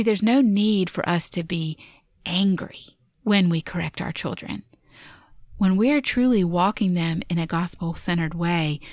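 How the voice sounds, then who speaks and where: Earnest mom podcaster, low voice, dry sound. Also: female voice, dry recording. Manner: earnest, gentle teaching tone. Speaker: podcast host. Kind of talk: devotional parenting podcast talk.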